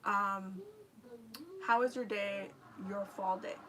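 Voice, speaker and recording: A woman's voice: medium pitch, fairly even intonation, slow pace, noisy background. A young woman with a New York accent, hosting a livestream and chatting casually with viewers, rambling with lots of fillers. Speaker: livestream host.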